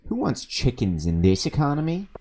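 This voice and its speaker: Streaming a game over a desk microphone, this man has a medium-pitched voice that swoops wildly up and down at a moderate pace. He tells casual stories between moves, cursing and laughing freely, with noise in the background.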